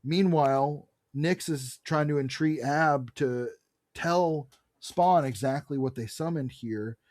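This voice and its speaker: A man co-hosting a podcast, recapping a comic book in a casual, animated way, reading characters' lines aloud and swearing freely. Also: a little high, takes it slowly, no room sound, clean studio sound. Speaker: podcast co-host.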